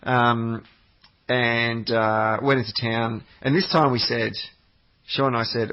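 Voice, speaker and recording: On a podcast, a regular guest tells a wandering travel tale laced with swearing, fillers and restarts. His mid-range voice stays steady and he takes it slowly. The rambling, anecdotal chat comes through as muffled lo-fi audio.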